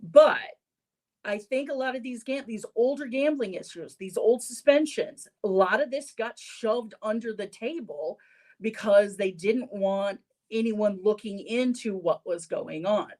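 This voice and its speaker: A woman's voice: mid-range voice, unhurried, darkish tone. A woman hosting a casual sports podcast segment, talking in a chatty way and laughing at her own lines. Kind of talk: casual opinion talk.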